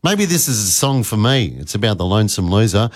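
Australian male morning host, middle-aged, chatty and self-mocking, wide pitch swings. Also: very animated, brisk. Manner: chatty, laughing often, self-deprecating. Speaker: radio host. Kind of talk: casual breakfast radio chat.

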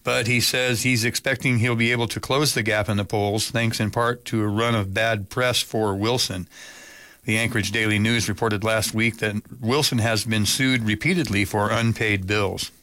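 A man reading radio news as the anchor, in an even, measured delivery. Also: fairly low pitch, no room sound. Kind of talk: read news bulletin.

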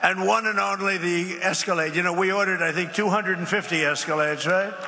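Man, bright voice, repetitive emphatic speech, podium mic in a big reverberant hall. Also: high voice, steady tone, a little fast, a little hiss or hum. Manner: repetitive, emphatic, rambling asides. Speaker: speaker at a public event. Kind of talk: off-the-cuff rally speech. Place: large event space. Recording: reverberant hall with faint ambience.

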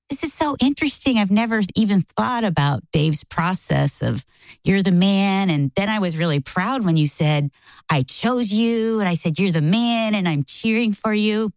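A middle-aged woman co-hosts a casual talk, animatedly telling a story and acting out the quoted lines. Her voice is mid-range and the recording is dry.

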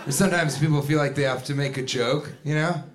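A man performing a stand-up comedy set, telling stories in an animated way with put-on voices and sudden yells. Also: a little high, a little fast. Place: comedy club stage with a laughing audience. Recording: live club recording with crowd noise. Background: audience laughter.

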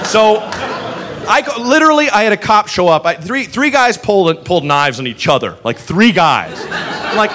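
A man's voice: sits high, moderate pace. A young man telling a profane stand-up story on a comedy club stage, acting out the people in it. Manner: animated, profane, acts out characters in voices. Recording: live crowd in the room. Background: audience laughter.

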